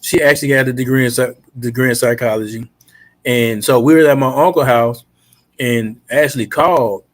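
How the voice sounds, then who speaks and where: Man, mid-range voice, podcast guest, earnest steady storyteller. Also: mid-range voice, moderate pace. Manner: earnest, steady recounting of a painful memory. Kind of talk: personal storytelling.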